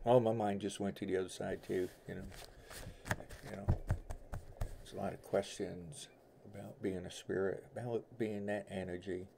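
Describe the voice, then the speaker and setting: A man's voice: sits low, steady tone, moderate pace, vocal fry, long pauses, background noise. Folksy man with a New York–Southern mix. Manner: rambling, folksy, easygoing. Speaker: tarot reader and stream host. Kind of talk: casual livestream chat with viewers. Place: at home, livestreaming by candlelight.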